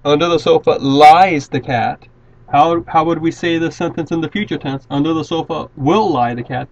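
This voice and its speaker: A man explains grammar step by step at a board, with a slightly high voice. He is patient and repeats himself often. The recording is dull and lo-fi. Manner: patient, repeats and restarts words while explaining. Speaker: teacher. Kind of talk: grammar lesson at a whiteboard.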